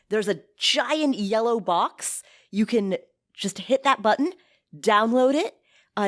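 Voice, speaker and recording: A woman hosting a podcast in casual, upbeat chat, emphatic and quick to laugh. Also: medium pitch. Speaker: podcast host.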